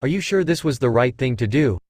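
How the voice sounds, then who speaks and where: A man's voice: medium pitch, animated, a little fast, a little mellow, no echo, clean studio sound, lightly acted. A man reading as a composed senior archangel. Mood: measured.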